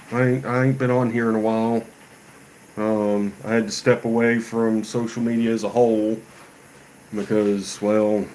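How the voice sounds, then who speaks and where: A man who runs a gunsmith shop, chatting in a relaxed, folksy, rambling way on a casual livestream. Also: lowish voice, slight background noise, rough recording.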